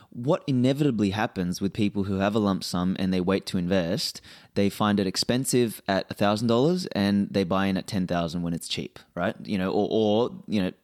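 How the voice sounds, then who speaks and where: A man with a low voice speaks as a podcast guest, blunt and unfiltered and swearing freely. He talks in a loose, animated way full of fillers and asides, pitching up when he gets going. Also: a little fast. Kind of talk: casual interview.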